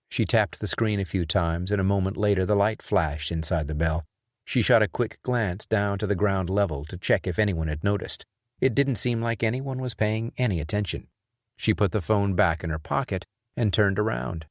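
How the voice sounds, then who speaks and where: Male narrator, thriller audiobook, very deep voice, dry booth, measured delivery. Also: no room sound. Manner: measured, even reading. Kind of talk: scripted narration.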